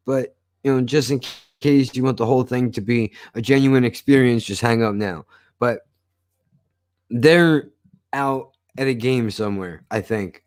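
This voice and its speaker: Male reviewer, loose vlog rant, heavy swearing, lively storytelling. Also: medium pitch. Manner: swears constantly, animated storytelling. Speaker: show reviewer. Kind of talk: casual profane rant.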